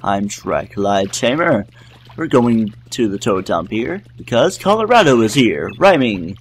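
A man's voice: lowish voice, very animated, a little slow, a little hiss or hum. A man casually commentating his own gameplay as a let's play host, offhand and rambling.

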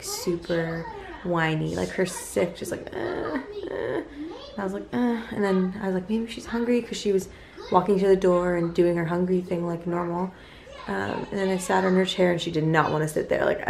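A woman's voice: lowish voice, gravelly, a little mellow, a little hiss or hum. A young woman and mother talking casually to the camera at home, chatty and rambling with lots of fillers. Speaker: family vlogger, mother. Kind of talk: casual vlog chat. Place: home, on the couch.

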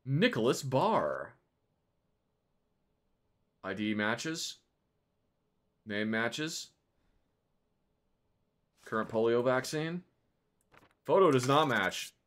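A man's voice: mid-range voice, very animated, very slow, long pauses, fairly bright tone. A man streaming a game live, chatting in a playful, teasing way and bantering like a stern border official.

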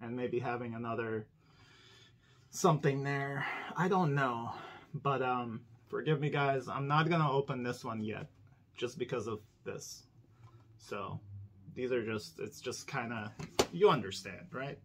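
A man's voice: mid-range voice, unhurried, a bit bright. A man hosting a casual unboxing vlog indoors, rambling and chatting to viewers with frequent laughs. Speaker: diecast collector channel host.

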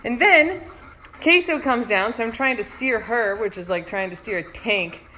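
Lively woman telling a dog story. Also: on the high side, moderate pace, a little hiss or hum. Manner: animated storytelling, playful asides to her dogs. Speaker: vlogger and dog owner. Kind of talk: casual storytelling to camera and dogs. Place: outdoors by the ocean.

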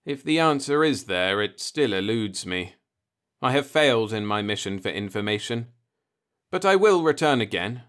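A man's voice: on the low side, animated, moderate pace, fairly bright tone, clean tone. A man reading the part of a curious, insistent human envoy in an audiobook, asking pressing questions. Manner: pressing, questioning, rising to alarm.

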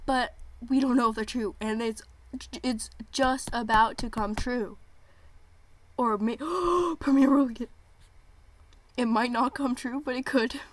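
The recording is dry, and the young woman's voice sits a little high. Streaming live as she waits for a show's premiere, she gushes excitedly, repeats herself, and comes across as nervous and jittery.

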